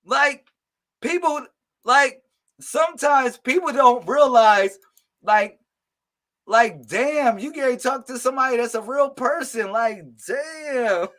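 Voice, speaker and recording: A man hosting a casual live stream of psychic readings, talking loud and slangy, laughing and calling out to viewers. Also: very high-pitched, slow. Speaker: livestream host giving psychic readings.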